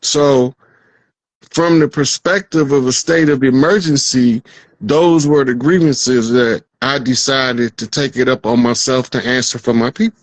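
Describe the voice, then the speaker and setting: A man's voice: mid-range voice, fairly even intonation, unhurried, dry recording, rough recording. A man as an interview guest, speaking in a proclaiming, declamatory way. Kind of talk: conversational interview.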